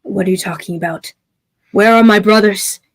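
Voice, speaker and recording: A woman's voice: on the low side, little pitch movement, unhurried. Woman voicing a brawny, demanding young man. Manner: demanding, insistent questions.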